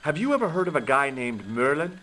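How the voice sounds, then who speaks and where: Wisecracking male detective in a game, dry and sardonic, animated pitch. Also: a little fast, slight background noise. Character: wry adult male detective, dry humor. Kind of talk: game narration and dialogue. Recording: game audio with faint music.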